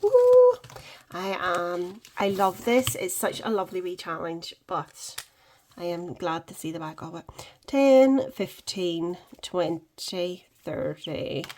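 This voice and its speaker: A woman chatting casually in a budgeting vlog, counting money out loud and correcting herself as she goes. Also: on the low side, slow, poor audio. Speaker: budgeting vlogger. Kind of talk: casual cash-stuffing vlog.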